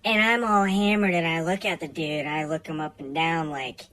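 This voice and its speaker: A woman doing a comic storytime monologue with a bright, forward voice. She is animated and theatrical, jumping from loud punchlines to quiet murmured asides. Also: sits low, normal speed, rough recording. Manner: animated, swings loud and soft. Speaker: comedian.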